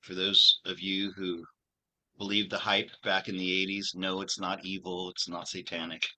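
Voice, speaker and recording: A channel host talks casually over a video call, wandering through his story with frequent pauses and restarts. His voice is fairly low, yet its tone is very bright and forceful. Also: little pitch movement. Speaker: channel host and tarot reader.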